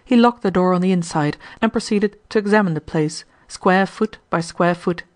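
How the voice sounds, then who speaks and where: A woman narrating an audiobook in a slightly lower voice. Her reading is measured and expressive, shaping each sentence with care.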